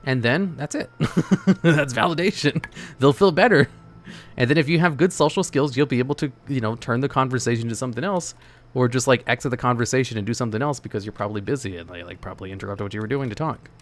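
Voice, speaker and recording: A male gamer talks very fast in a medium-pitched voice, casually answering chat as he plays. His manner is laid-back and meandering, with frequent "like"s and "you know"s.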